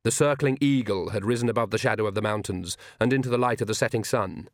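A man narrating an audiobook in steady, even storytelling. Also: on the low side, quick pace, no room sound, clean studio sound.

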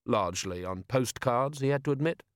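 A man's voice: medium pitch, expressive, normal speed, no room sound. A man reading a novel aloud in a dry, wry manner. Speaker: narrator. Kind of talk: audiobook narration.

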